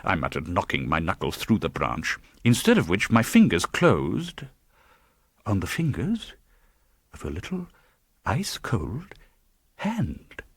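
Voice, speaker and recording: A man's voice: on the low side, creaky, fairly bright tone, breathy edge, dry recording. A man reading an audiobook in a dramatic, tense manner, close to the microphone. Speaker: audiobook narrator. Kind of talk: scripted audiobook narration.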